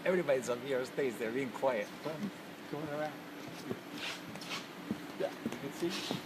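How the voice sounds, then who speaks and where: A man's voice: mid-range voice, normal speed. A middle-aged bandleader, chatting casually and laughing often as he greets his band on a concert stage before sound check. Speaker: bandleader and musician. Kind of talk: casual backstage video chat. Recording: loud background noise on stage.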